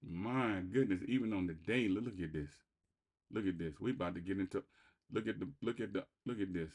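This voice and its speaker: Speaking deep and brisk, this trading-channel host rambles excitedly through live market commentary on his screen. He repeats himself a lot, lurching from loud outbursts to quiet mutters.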